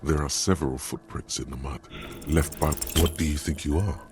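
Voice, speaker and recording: Very deep-voiced sardonic male narrator. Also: fairly even intonation, moderate pace, noisy background. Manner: dry, sardonic. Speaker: game narrator. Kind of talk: scripted game narration.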